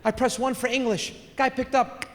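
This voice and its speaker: A man's voice: very high voice, little pitch movement, moderate pace, background noise. A man doing a brash, profane stand-up routine. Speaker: stand-up comedian. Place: comedy stage. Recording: echoey hall, faint ambience.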